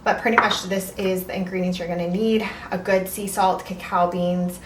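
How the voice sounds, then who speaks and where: A woman's voice: on the low side, fairly even intonation, moderate pace, background noise. A young woman chatting casually in a cooking vlog, talking while she eats and walks through ingredients. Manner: chatty, talks while eating. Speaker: vlogger. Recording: echoey room, mic at a distance.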